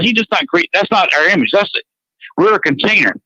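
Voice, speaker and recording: A man's voice: high voice, expressive, fast talker, pushed and bright, no echo. A man with a Georgia accent talking earnestly and rambling a little, repeating words as he chats on a radio show. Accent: Georgia, US South. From Georgia, USA. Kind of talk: casual chat on a radio show. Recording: dull, dry radio sound.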